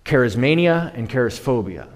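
A man's voice: medium pitch, animated, normal speed. A man preaching a sermon as pastor, emphatic, with sudden raised bursts. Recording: long reverb of a large hall.

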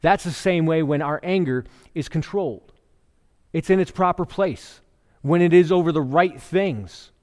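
A middle-aged man preaching a sermon in a relaxed, conversational way, telling jokes and stories to make his points. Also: on the high side, measured pace. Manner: conversational preaching with joke storytelling. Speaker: pastor. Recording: long hall reverb.

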